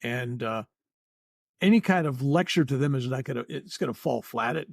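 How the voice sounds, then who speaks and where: A man's voice: medium pitch, normal speed, creaky, no room sound, clean studio sound. An older man, a reverend talking earnestly as a podcast guest, rambling and repeating himself. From United States. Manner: earnest, rambling, repeats words and says "you know" often. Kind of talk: spiritual podcast interview.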